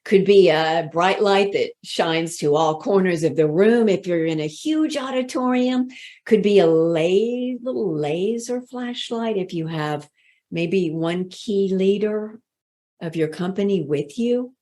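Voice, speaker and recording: A woman leadership speaking coach giving a motivational workshop talk in a deliberate, inviting way. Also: medium pitch, warm tone. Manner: slow, deliberate, inviting delivery.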